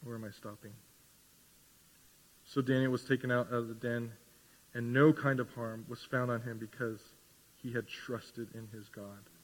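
A man's voice: mid-range voice, steady tone, measured pace, pauses often. A man preaching a sermon as pastor, building to emphatic rising questions. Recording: reverberant hall.

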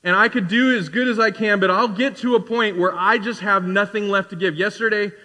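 A man in his forties preaching a sermon in a conversational, animated way, acting out little asides. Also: high voice, fairly quick, big-room sound. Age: 40s. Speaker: pastor. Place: church sanctuary.

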